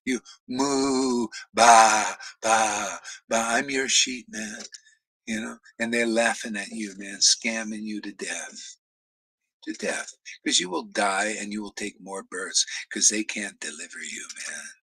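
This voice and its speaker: A man preaching a confrontational, profane sermon, shouting challenges at his critics. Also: on the low side, measured pace, husky, dry recording, low-quality recording.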